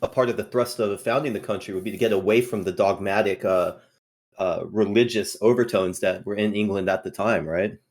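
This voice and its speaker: A man's voice: fairly low pitch, a little fast, darkish tone. A man co-hosting a casual podcast, who chimes in with short questions and guesses. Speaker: podcast co-host.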